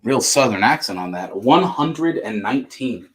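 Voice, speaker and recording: A man's voice: mid-range voice, lively intonation, normal speed, a little hiss or hum. A man hosting a live comic book sale, listing issues casually and joking in rambling asides. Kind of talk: casual live-stream selling.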